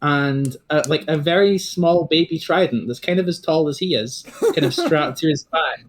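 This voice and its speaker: A man's voice: a little high, normal speed. A man narrating a tabletop game as game master, rambling with many fillers and restarts.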